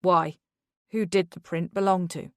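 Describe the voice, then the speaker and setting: A defensive, bitter husband snapping back on a phone call in an audiobook thriller, as a woman reader plays him. His lines come out curt and sarcastic, slightly lower than the narration. The reading is close and dry. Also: flat delivery, a little slow, no room sound.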